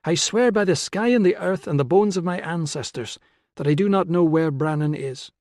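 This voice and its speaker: A male narrator voicing a calm, resolute young woman who coaxes a frightened boy, with a gentle, patient manner, in a dry close studio sound. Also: a little high, normal speed, dry recording, pitched above the performer's own voice, lightly acted. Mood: firm. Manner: gentle, coaxing. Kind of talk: audiobook character voice.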